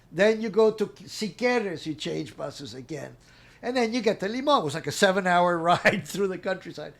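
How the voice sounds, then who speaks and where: A man's voice: high-pitched, vocal fry. A middle-aged man telling a long personal story in casual talk, acting out what people said and laughing as he goes. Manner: animated, acts out quotes with laughs. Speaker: interview guest.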